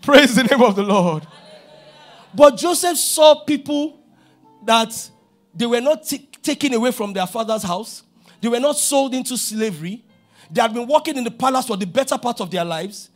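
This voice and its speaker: A middle-aged man with a Nigerian accent, preaching a sermon as pastor, animated and acting out dialogue, rising to shouts. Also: extremely high pitch, normal speed, soft background music.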